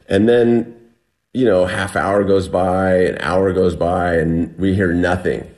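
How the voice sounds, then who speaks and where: A middle-aged man telling a survival story in conversation, animatedly acting out the things people shouted. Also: low-pitched, unhurried. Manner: animated retelling, acts out shouted quotes.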